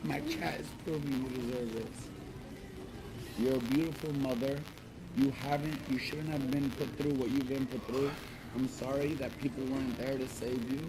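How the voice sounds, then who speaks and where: A man's voice: medium pitch, fairly even intonation, moderate pace, noisy background. A man livestreaming, gushing and repeating himself, teary as he hands out money. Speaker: livestreamer giving money to a guest. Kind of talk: emotional livestream talk.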